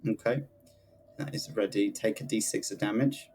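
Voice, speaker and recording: A man running a tabletop roleplaying game as game master, calm and procedural, checking rules and stats with his players. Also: lowish voice, moderate pace, creaky, slight background noise, low-quality recording.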